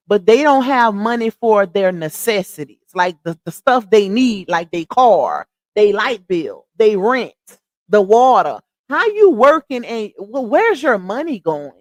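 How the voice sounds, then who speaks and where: Woman on a livestream chatting to her viewers, kinda high voice, dry close sound. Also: no room sound. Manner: chatty, talks straight to viewers; laughs often while talking. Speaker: livestream host. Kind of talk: casual livestream commentary.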